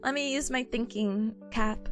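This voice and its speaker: Bubbly high-voiced woman streamer. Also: a little slow. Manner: bubbly, giggly, chatty with fillers. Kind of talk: casual chat with viewers on a study stream. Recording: faint music behind voice. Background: faint background music.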